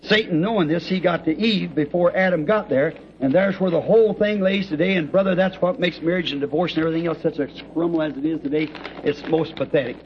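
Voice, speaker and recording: A man's voice: on the high side, fast, a little hiss or hum. A man preaching a sermon to a congregation, fervent and rhythmic, telling stories with chuckles. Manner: fervent, rhythmic, storytelling with laughs. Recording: dull lo-fi old tape recording.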